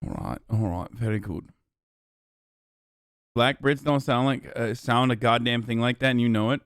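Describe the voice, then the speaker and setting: A man's voice: medium pitch, moderate pace, fairly bright tone, dry recording, studio quality. A man hosting a live stream, talking casually and sarcastically with lots of swearing. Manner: profane, sarcastic. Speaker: streamer host.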